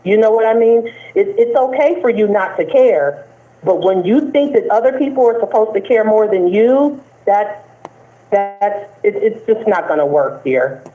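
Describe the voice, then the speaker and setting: A woman's voice: medium pitch, expressive, unhurried. A woman lecturing in a live-stream argument, talking down with a condescending tone and stumbling restarts. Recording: tinny phone line.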